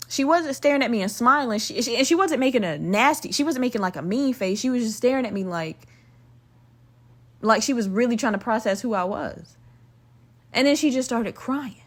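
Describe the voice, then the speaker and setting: A woman hosting a podcast, telling a personal story in a candid, casual way, swearing freely and using lots of fillers. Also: on the high side. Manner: candid, profane, chatty with frequent fillers. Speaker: podcast host.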